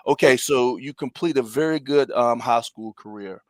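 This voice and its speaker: A man's voice: medium pitch, normal speed, dry recording. A man hosting a casual sports interview, asking long conversational questions and affirming often. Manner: conversational, frequent short affirmations.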